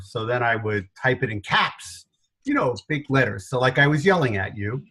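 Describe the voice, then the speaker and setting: A middle-aged man with a faint New York accent, a guest telling stories in an interview, animated and self-deprecating, laughing often. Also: mid-range voice, normal speed, husky, poor audio. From New York area. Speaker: guest consultant. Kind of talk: storytelling interview answers.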